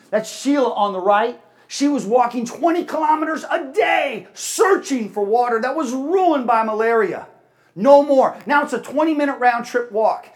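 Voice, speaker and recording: A man giving an energetic fundraising talk at a church service, swinging between loud bursts and hushed moments. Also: high-pitched. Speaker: charity speaker at a church.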